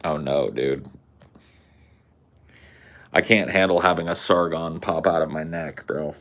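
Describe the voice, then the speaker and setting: A man's voice: a bass voice, steady tone, unhurried, a bit bright. A man co-hosting a podcast, talking in a laid-back, casual way with swearing. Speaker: podcast co-host. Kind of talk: casual chat.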